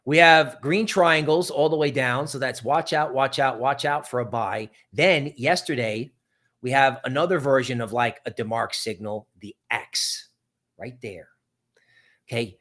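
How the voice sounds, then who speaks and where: A man hosting a live crypto market stream, talking in an animated, sardonic way with quick asides and mocking voices. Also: mid-range voice. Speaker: crypto market livestream host.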